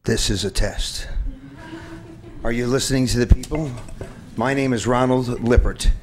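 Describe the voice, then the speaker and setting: A man's voice: medium pitch, fairly even intonation, normal speed, slight background noise. A man in his sixties telling rambling anecdotes during a public comment at a county board meeting. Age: 60s.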